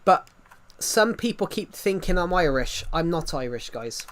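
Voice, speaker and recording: Rambling streamer, fairly high voice. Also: male voice, animated, unhurried, fairly bright tone, a little hiss or hum. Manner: rambling, restarts and stumbles often. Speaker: livestreamer. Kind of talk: casual stream chat.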